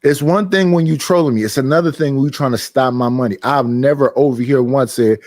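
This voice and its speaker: A man's voice: a little high, a little fast, few pauses, no room sound. Aggrieved man ranting in a dry room. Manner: aggrieved, emphatic, repeats himself. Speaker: streamer on panel talk. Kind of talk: heated casual chat. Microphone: streaming mic.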